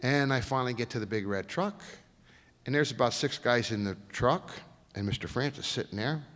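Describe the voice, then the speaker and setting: A man speaking as a guest lecturer, telling racing stories in a folksy, animated way and acting out the quotes in a lecture hall. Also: mid-range voice, normal speed. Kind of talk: storytelling lecture.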